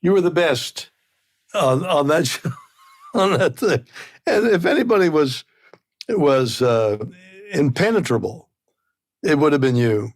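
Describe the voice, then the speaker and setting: A man in his nineties from Canada, a guest in a casual interview, talking haltingly and repeating words as he searches for phrasing. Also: on the high side, expressive, dry recording, studio quality. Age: 90s.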